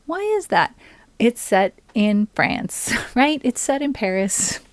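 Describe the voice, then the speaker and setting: A woman streaming live, chatting casually with viewers between songs, soft-spoken and often trailing off into a near whisper. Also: on the high side, sing-song, slow, no echo. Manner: chatty and recommending, addresses viewers. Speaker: streamer and ukulele singer.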